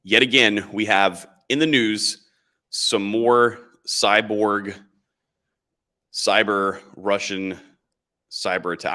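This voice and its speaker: A man's voice: lowish voice, fairly even intonation, takes it slowly, pushed and bright. A man hosting a casual livestream, reading chat comments and rambling sarcastically, calling his viewers boys. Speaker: livestream host. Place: indoors, standing in camera frame.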